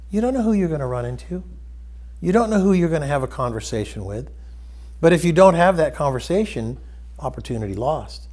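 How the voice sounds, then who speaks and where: A man hosting a spiritual discussion, retelling a story in a loose, rambling way and dropping into soft quoted voices. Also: on the high side. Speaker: host.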